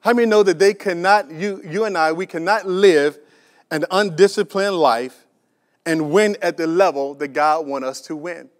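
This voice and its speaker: High-voiced man preaching a sermon. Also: normal speed. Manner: call-and-response preaching, has the congregation repeat phrases; builds in volume and pitch as he presses a point. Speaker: pastor.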